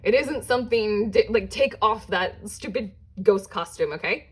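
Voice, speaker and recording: A woman's voice: medium pitch, animated, husky. A woman giving a casual pick-a-card tarot reading, talking in a loose, rambling way full of "like" fillers and restarts. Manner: chatty and rambling, with many "like" fillers and self-interruptions; breaks into quick giggles and playful put-on voices. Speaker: tarot reader.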